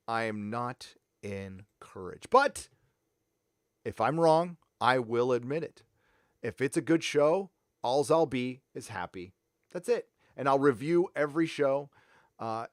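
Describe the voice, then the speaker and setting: Profane, blunt livestream host, dry sound. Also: male voice, mid-range voice, no echo. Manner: blunt, profane, loosely rambling. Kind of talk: casual livestream rant.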